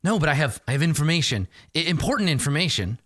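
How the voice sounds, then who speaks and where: A man voicing a nervous male human informant who talks in a higher, hurried, eager-to-please way. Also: very animated, a bit bright, no room sound, clean studio sound. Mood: urgent.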